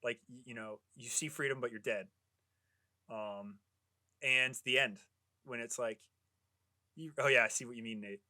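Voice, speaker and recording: A man's voice: medium pitch, steady tone, normal speed, long pauses, bright, forceful tone, no room sound, clean studio sound. A man co-hosting a casual movie podcast, swearing freely and telling rambling anecdotes. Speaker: podcast co-host. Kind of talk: casual chat.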